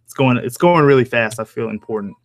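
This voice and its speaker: A man's voice: mid-range voice, a little fast, no echo. Laid-back man, Jersey-meets-country accent. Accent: mix of New Jersey and American Southern country. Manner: loose, laid-back and profane, with frequent chuckles. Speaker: horror story narrator live-streaming. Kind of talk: casual live-stream chat, reading and answering viewer comments. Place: at home.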